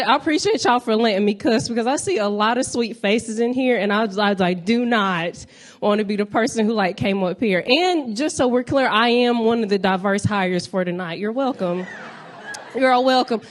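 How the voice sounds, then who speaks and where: A woman from North Carolina with a clear Southern accent performs stand-up on a comedy club stage. Her voice sits slightly high, and she bounces between jokes and banter with the crowd. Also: normal speed. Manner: animated, crowd-work banter. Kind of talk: stand-up set.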